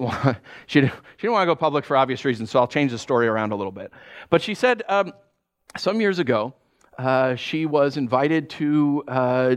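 A pastor preaching a sermon, talking animatedly and acting out the people he quotes. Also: medium pitch. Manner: animated, acts out quoted voices.

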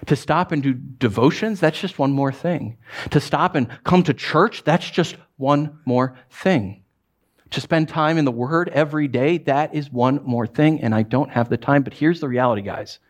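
A man's voice: on the high side, normal speed. A male pastor preaching a sermon in a conversational, playful way, with self-deprecating humor and emphatic repetitions.

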